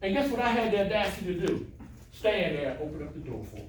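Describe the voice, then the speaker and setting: A man's voice: sits high, big pitch swings, fast talker, reverberant, recorded from a distance, a little hiss or hum. An older man giving a motivational talk to adult students, telling stories, joking and acting out voices. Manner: storytelling, plays voices in quotes, jokes with audience. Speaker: motivational speaker.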